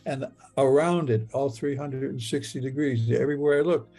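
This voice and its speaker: A man retelling a personal experience in the first person and the present tense, halting and stammering as he repeats his words. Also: medium pitch, fairly even intonation, dark tone, faint music behind. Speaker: near-death experience witness.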